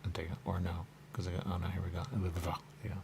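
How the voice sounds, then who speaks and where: A man's voice: low-pitched, monotone, very fast, noisy background. A man talking on in a rambling, repetitive monologue as a radio show host, looping back to the same catchphrases.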